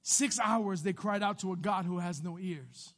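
A man pastor preaching a sermon, swinging between loud animated bursts and hushed quiet passages. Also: high-pitched, normal speed.

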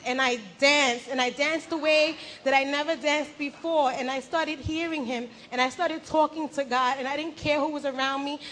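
Young woman, high pitched, warm and lively testimony delivery at church with faint background noise. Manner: animated, acts out her own past words, laughs at herself. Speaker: church member giving testimony. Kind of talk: personal faith testimony. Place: church gathering.

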